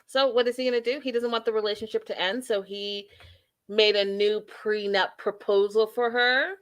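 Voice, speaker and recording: Woman host, mid-pitch voice, animated opinionated storyteller talking to live viewers. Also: moderate pace, smooth. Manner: addresses viewers directly as y'all and you guys. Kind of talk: recap and review live stream.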